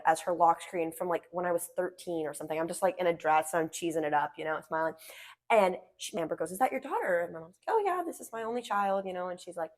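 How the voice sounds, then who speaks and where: Teen girl guest, kinda low voice, rambly chatty storyteller, lots of "like". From Washington state, US. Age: teens. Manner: chatty, animated storytelling, frequent "like". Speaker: pageant titleholder guest. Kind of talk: casual interview chat.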